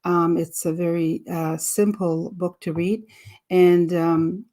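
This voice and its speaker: A woman's voice: lowish voice, steady tone, takes it slowly, mellow. A woman with a French accent reading a book aloud in a casual, hesitant way, with many fillers and restarts. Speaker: audiobook reader.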